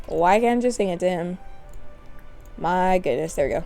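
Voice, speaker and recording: A woman's voice: fairly low pitch, animated, moderate pace, long pauses, mellow. A young woman hosting a gaming channel, chatting through a let's play with frequent giggles and asides. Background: faint background music.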